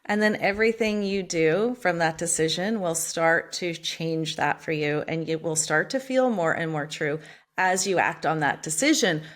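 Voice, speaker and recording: Low-voiced woman, passionate author guest. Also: normal speed. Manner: passionate and emphatic, swears casually. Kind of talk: motivational interview talk.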